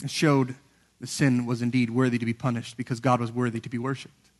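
A man preaching a sermon earnestly, rising to emphatic peaks and sinking to hushed lows. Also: little pitch movement, fairly quick. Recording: long hall reverb.

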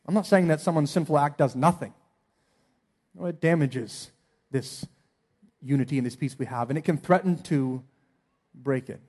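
A man in his thirties, a pastor preaching a sermon in an earnest way, dropping soft and then rising to emphatic appeals. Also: on the high side, moderate pace, long pauses.

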